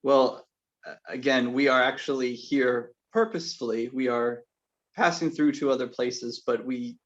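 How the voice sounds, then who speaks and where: A man's voice: mid-range voice, fairly even intonation, measured pace, muffled recording. A man playing a tabletop game, speaking formally and earnestly as his character. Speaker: player. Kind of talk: in-character tabletop role-play.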